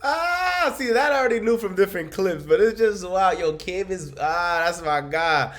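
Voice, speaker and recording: A male commentator reacting to video clips with animated, joking asides. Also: high voice, moderate pace, slight background noise.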